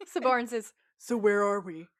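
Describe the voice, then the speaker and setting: A woman's voice: mid-range voice, normal speed, dry recording. Dry-sounding woman recapping a show. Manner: retells scenes while quoting the characters' lines. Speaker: podcast co-host. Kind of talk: casual episode recap chat.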